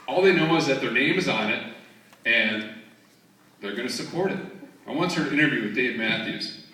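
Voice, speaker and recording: Brief: male stand-up comic, sarcastic and chatty, bright voice, recorded from afar in an echoey theater. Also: mid-range voice, animated, moderate pace. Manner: sarcastic, conversational. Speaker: stand-up comedian. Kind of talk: stand-up comedy set. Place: theater stage. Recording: roomy, distant audience recording.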